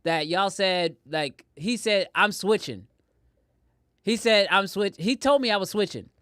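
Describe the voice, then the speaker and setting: A man hosting a casual livestream from his home editing room, talking straight to his chat, animated and repeating himself. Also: sits high, unhurried, dry recording, studio quality. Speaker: livestream host.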